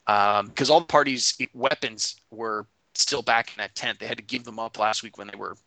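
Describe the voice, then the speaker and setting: A man recounting his tabletop game session in a casual, chatty way. His voice is bright and forceful, at a middle pitch. The sound is dry and close, with no room around it. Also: moderate pace, no echo, poor audio. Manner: chatty, animated, acts out the players. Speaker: game master. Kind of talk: casual storytelling.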